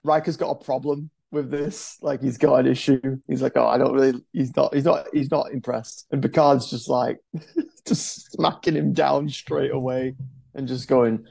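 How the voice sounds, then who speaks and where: Man co-host, gravelly, dark mellow tone, laughing, swearing, casual review chat. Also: medium pitch, fairly even intonation, normal speed, no echo. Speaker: podcast co-host.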